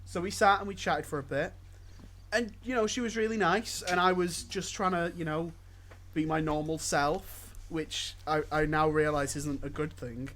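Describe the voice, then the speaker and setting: A man's voice: fairly high pitch, steady tone, normal speed, fairly bright tone. A man hosting a podcast, telling a story casually with lots of stammered restarts. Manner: stammering restarts, laughs often. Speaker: podcast host.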